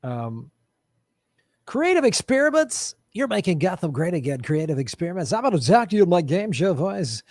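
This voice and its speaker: Man, comedian host, live-stream chat, sarcastic and joking, slightly high voice, dry close mic. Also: sing-song, moderate pace, darkish tone, no echo. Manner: sarcastic, joking, swears, laughs often. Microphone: studio microphone.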